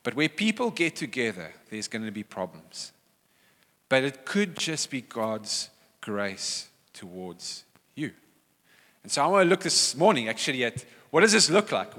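A man's voice: mid-range voice, sing-song, moderate pace, pushed and bright. A man, a pastor, preaching a sermon in a church hall and acting out quoted voices with animation.

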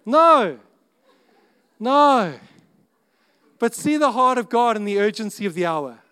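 Animated man preaching. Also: high voice, fast, clean tone. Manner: earnest, conversational, with self-interrupting restarts and sudden rises in volume. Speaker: pastor. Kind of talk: sermon.

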